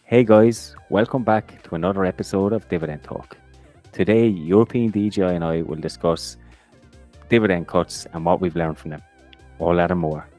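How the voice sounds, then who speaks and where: A man's voice: deep voice, normal speed, mellow, faint music behind. A man co-hosting a casual podcast, upbeat and prone to repeating words as he starts a sentence. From Ireland. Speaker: podcast co-host. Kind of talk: casual chat.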